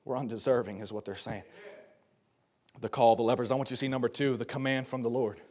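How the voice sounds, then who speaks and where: A man preaching a sermon to a congregation, dropping to a hush and rising to shouts, repeating phrases for emphasis. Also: mid-range voice, steady tone, fast.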